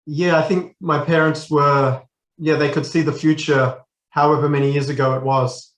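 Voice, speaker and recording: A man's voice: on the high side, flat delivery, moderate pace, roomy sound. Rambling Australian man in his forties. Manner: rambling, loose, many restarts and fillers. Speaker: podcast guest. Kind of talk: casual chat.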